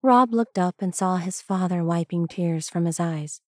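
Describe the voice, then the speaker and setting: A woman reading a story aloud as scripted narration, slow and even. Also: fairly low pitch, no room sound, studio quality. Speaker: reader.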